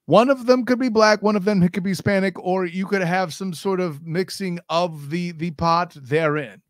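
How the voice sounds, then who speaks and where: A man hosting a casual podcast, giving opinionated, animated rants. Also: high-pitched, moderate pace, dry recording. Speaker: podcast host.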